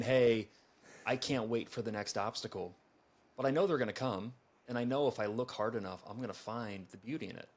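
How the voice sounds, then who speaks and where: A man's voice: medium pitch, brisk. A man hosting an interview podcast, rambling with lots of filler words. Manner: rambling, heavy use of "like". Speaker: podcast host. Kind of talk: casual interview talk.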